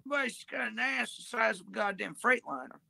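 A woman's voice: fairly high pitch, animated, a little fast, vocal fry, pushed and bright, no echo. A woman livestreaming, talking in a crude, profane, drawling ramble.

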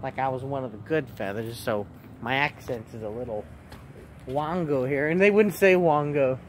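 A man chats playfully to his phone camera while standing outside a tiny food stand. His voice sits at an ordinary middle pitch. Steady road traffic hums clearly behind him. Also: normal speed. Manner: playful, joking, chatty. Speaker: vlogger. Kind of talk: casual vlog narration. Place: outdoors at a small street food stand by traffic. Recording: outdoor traffic noise.

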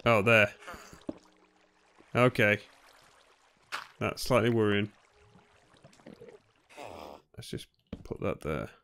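A young man giving nervous, excitable commentary on a game he is playing, often bursting into shouts. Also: fairly low pitch, very slow, vocal fry, pauses often, slight background noise. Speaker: gaming YouTuber. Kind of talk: Let's Play commentary.

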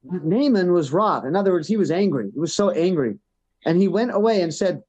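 A man with a high-pitched voice delivers a sermon. He reads verses aloud, then explains them in a relaxed, conversational way, often tagging on "no?" to keep listeners with him. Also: brisk. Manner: reads scripture then retells it in plain words, tag questions. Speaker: church elder preaching. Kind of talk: sermon with scripture reading.

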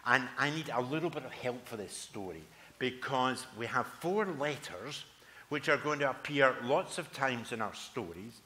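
A man's voice: medium pitch, lively intonation, normal speed, sharp tone. A man, a pastor giving a playful children's address and telling a story in a church service.

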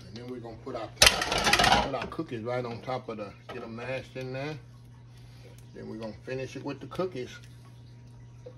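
A man's voice: medium pitch, bright, forceful tone, poor audio. A man hosting a casual home cooking vlog, folksy and chatty, often calling out to viewers as y'all. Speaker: home cooking channel host.

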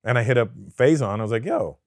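A man's voice: mid-range voice, very fast, no echo, studio quality. A comedian from Canada telling stories in a casual sit-down interview, swearing freely and acting out the people he quotes. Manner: profane, animated storyteller who acts out quotes. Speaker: guest comedian.

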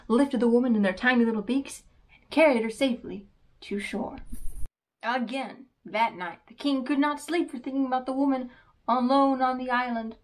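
A woman reading a children's storybook aloud with an expressive storytelling cadence. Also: on the high side, low-quality recording.

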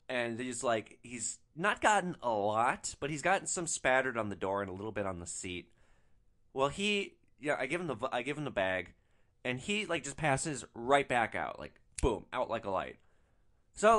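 Brief: male podcast host, mid pitch, voice swings up and down a lot, salty and animated. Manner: animated, profane, lively storyteller. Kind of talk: storytelling podcast.

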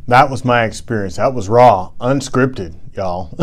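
A man's voice: medium pitch, takes it slowly. A man giving a TED-style inspirational talk as a presenter, earnest and impassioned, building emphasis through rhythmic repetition.

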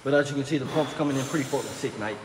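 A man's voice: mid-range voice, rapid-fire, background noise, close to an everyday voice. A guy putting on a cussing Aussie gym bloke. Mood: hyped. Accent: put-on Australian. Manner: swears constantly, ends lines with mate. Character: over-the-top swearing Aussie gym bloke. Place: gym at night. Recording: echoey gym hall.

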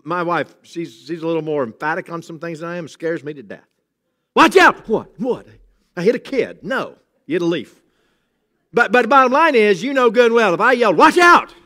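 A man's voice: sits high, a bit bright. A middle-aged man, a pastor, giving a sermon in a conversational way, with humorous asides and emphatic exclamations.

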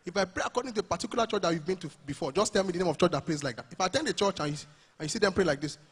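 A man with a Nigerian accent performing animated stand-up comedy live at a church event. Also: sits high, racing, husky. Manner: animated, mixing Pidgin and Yoruba.

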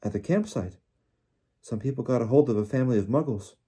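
A man's voice: medium pitch, brisk, mellow, husky. A man voicing an easygoing teenage boy wizard who speaks casually and reassuringly. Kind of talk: audiobook character voice.

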